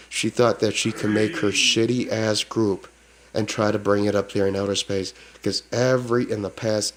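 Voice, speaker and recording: A man with a Hmong accent, a self-styled psychic shaman rambling in a monologue and ending phrases with a scornful "duh". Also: fairly low pitch.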